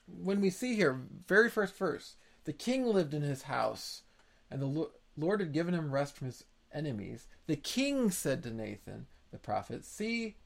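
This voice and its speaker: A man's voice: on the high side, gravelly. A man preaching an expository sermon in an earnest way, repeating words for emphasis. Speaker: pastor.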